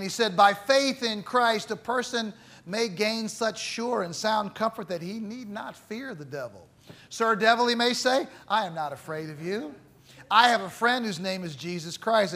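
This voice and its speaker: High-voiced, bright preaching man. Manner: dramatic, swings from loud emphasis to hushed low phrases. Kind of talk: sermon.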